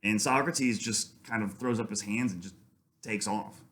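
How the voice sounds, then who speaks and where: A man's voice: lowish voice, moderate pace, a bit bright. Man giving a casual literature lecture. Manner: conversational, many ums, reads passages aloud.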